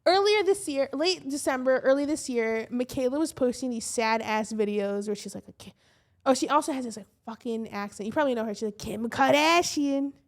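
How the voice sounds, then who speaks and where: A woman's voice: a little high, brisk, darkish tone. A woman with a Midwestern American accent co-hosting a podcast, telling gossip in a rambling, swear-heavy way. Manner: swears freely, rambling storytelling with lots of fillers. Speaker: podcast co-host. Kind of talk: casual chat.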